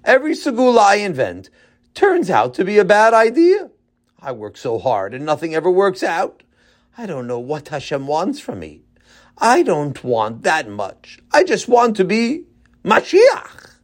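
A man voicing a bumbling adult man who thinks he is a great tzaddik, in a high, whiny, emotional voice. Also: wildly swooping pitch, measured pace, full character voice. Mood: sobbing.

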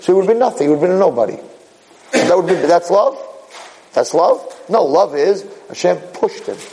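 A man giving a sermon as a rabbi, animated and conversational, repeating phrases for emphasis. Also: high-pitched, brisk, slight background noise, rough recording.

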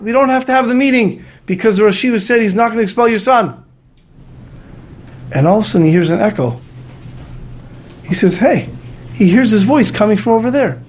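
A man with a high voice tells a moral story as a sermon. He is animated. He moves in and out of the characters' voices. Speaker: speaker telling a moral story.

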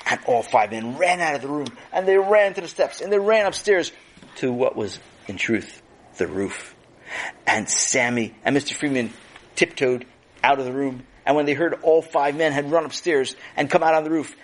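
A man narrating a children's story with animated delivery. His voice sits at a middle pitch, and he slips in and out of character voices. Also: slight background noise.

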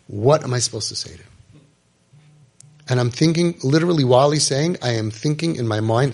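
A middle-aged man telling a story and giving advice, emphatic, repeating phrases and dropping to quiet intensity. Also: mid-range voice, a little fast, creaky, long pauses. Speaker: rabbi giving parenting advice. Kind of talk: impassioned storytelling talk.

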